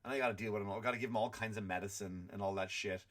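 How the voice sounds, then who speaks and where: A man's voice: lowish voice, fairly even intonation, racing, a bit bright. A man hosting a comedy podcast, ranting in a profane, conversational way. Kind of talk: comedic rant.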